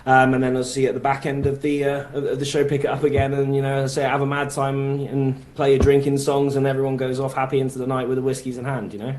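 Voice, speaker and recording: A man's voice: mid-range voice, monotone, fast, hardly any pauses, a little mellow, roomy sound. A man with a Bristol accent, a musician guest chatting casually in an interview and rambling through plenty of verbal fillers.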